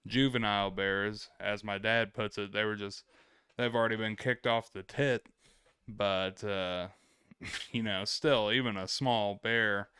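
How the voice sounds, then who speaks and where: A man's voice: fairly low pitch, sharp tone, clear, resonant tone, no room sound, clean studio sound. A man hosting a vlog, telling travel stories in a laid-back, rambling way and swearing freely. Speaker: vlog host. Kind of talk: casual travel storytelling.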